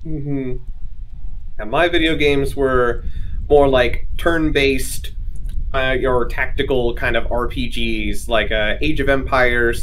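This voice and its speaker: A man's voice: mid-range voice, a bit bright, slight background noise. A man, a game designer guest in a casual interview, explaining at length in an earnest way with lots of "you know" and "like".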